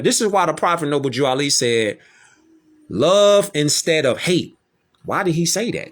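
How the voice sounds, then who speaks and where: A man's voice: on the high side, animated, moderate pace. A man lecturing his audience in an emphatic, preachy way, repeating rhetorical questions. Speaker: online lecturer. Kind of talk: preachy commentary to camera.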